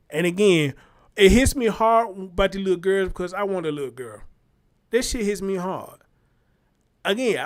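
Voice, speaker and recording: High-voiced man, blunt slangy monologue. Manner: blunt, animated storytelling with heavy slang. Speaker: show host. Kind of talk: casual commentary monologue.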